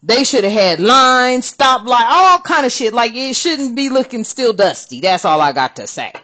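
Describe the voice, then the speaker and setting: A woman's voice: a little high, very animated, normal speed, pushed and bright. A woman hosting a spiritual card-reading channel, ranting bluntly and profanely while reading cards.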